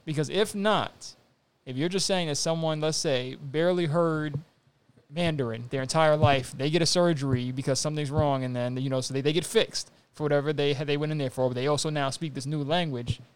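A man with a New York accent who talks fast and animatedly in casual chat. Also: a little high, steady tone, clean tone.

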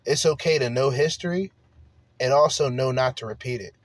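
A man's voice: mid-range voice, normal speed, dry recording. A man hosting a podcast, ranting in a heated, profane, emphatic way and firing off rhetorical questions. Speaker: podcast host. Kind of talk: solo opinion rant.

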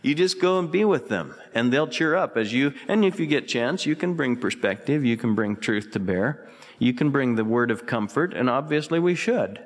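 A man preaching a radio sermon as pastor, earnest, swinging between emphatic lines and hushed, tender ones. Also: medium pitch, animated, moderate pace, long reverb tail. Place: church sanctuary.

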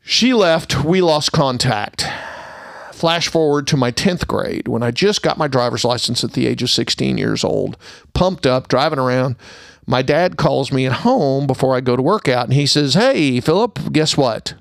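A middle-aged man hosting a podcast, telling a personal story earnestly and going quiet at the sad parts before a holiday message. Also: medium pitch, moderate pace, vocal fry, no echo, clean studio sound. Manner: earnest storyteller, drops to a hushed tone at sad moments. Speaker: podcast host.

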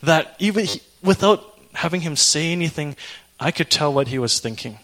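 A young man preaching a sermon, telling an emotional personal story in an animated way. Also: a little high, moderate pace.

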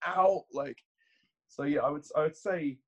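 A man's voice: fairly high pitch, normal speed, husky, muffled recording. A man in casual podcast chat, reflective and hedging his points. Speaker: podcast co-host.

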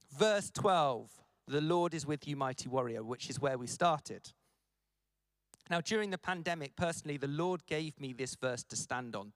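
A man preaching a conference sermon, lively and jokey, acting out the lines he quotes. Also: fairly high pitch, dry recording.

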